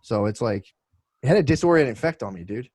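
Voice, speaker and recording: A man's voice: medium pitch, animated, quick pace, a little mellow, no echo, low-quality recording. A man in his twenties co-hosting a casual podcast, telling loose, profane stories full of restarts. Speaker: podcast co-host.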